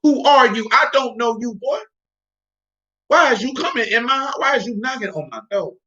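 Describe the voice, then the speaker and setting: A man's voice: very high voice, lively intonation, normal speed, bright, forceful tone, a little hiss or hum, voice pushed up, full character voice. A man voicing an old father who angrily rejects his son, scolding and repeating himself. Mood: indignant. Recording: dull lo-fi recording.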